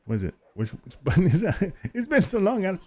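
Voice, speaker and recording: A man chatting casually through a game stream, joking and slipping into silly voices. His tone is husky and his pitch swings all over the place. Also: very animated, a little fast, a little mellow. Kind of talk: casual gaming stream chat.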